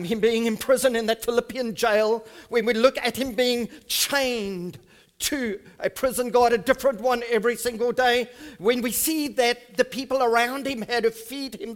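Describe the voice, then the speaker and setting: A man in his fifties preaching a sermon to his church, reading scripture slowly and emphatically, then dropping his voice to soft asides. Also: extremely high pitch. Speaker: pastor. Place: church service.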